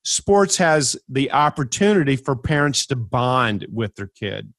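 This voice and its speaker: A man hosting a podcast interview, telling stories in an emphatic, animated way. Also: medium pitch, measured pace, dry recording. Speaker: podcast host. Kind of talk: conversational interview.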